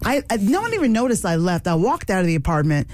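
A woman's voice: medium pitch, big pitch swings, fast talker, darkish tone, no echo, studio quality. A woman producer talking casually on a podcast and laughing often between sentences.

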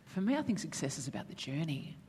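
A woman's voice: sits low, sing-song, fast talker, a little mellow. A woman chats casually as a podcast co-host, reflective and enthusiastic, often restarting her sentences. A faint hiss sits under the recording. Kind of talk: casual chat.

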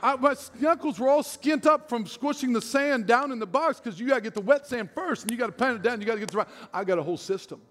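A man's voice: very high-pitched, fast, hardly any pauses, fairly bright tone, a little hiss or hum. A middle-aged man preaching a sermon as pastor, telling stories in a self-deprecating way and laughing often. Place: large church hall. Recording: long hall reverb.

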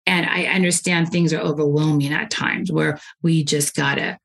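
A woman podcast host telling stories in a blunt, animated way, acting out what people said. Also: low-pitched, normal speed, creaky, low-quality recording. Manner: blunt, animated storytelling, acts out quotes. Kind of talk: casual interview chat.

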